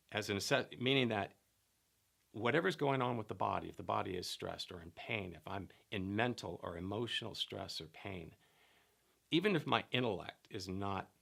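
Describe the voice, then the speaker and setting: A middle-aged man teaching in a calm, measured way, explaining a method with personal anecdotes. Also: lowish voice, gravelly.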